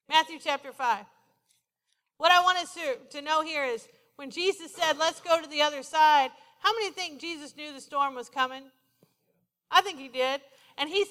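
Woman pastor, middle-aged, high bright voice, conversational sermon in a reverberant church. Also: expressive, normal speed. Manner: conversational preaching, repeats phrases for emphasis.

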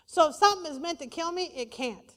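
A woman pastor preaching a sermon, lively and conversational, with playful asides to the congregation. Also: very high voice, fast. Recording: long hall reverb.

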